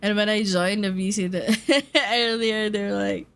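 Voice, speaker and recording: A woman's voice: mid-range voice, fairly even intonation, measured pace, fairly bright tone, clear, resonant tone. A woman streamer chatting casually, laughing often mid-sentence and swearing loosely.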